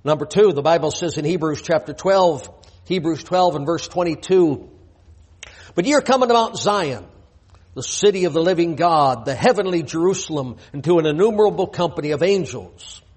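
Male preacher, higher register, husky voice, emphatic sermon delivery full of rhetorical questions and scripture readings. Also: animated, moderate pace, darkish tone. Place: church.

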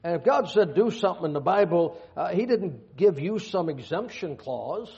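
A man's voice: high voice, expressive, normal speed, a little mellow. A man preaching a sermon, reading scripture aloud and dropping folksy, joking asides. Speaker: pastor. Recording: dull lo-fi sound.

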